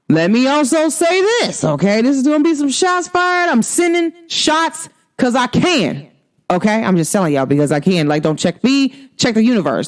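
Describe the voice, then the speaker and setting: Sassy, animated woman host. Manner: emphatic, sassy, slangy, swings pitch for emphasis. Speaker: astrology show host. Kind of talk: casual spiritual talk to viewers.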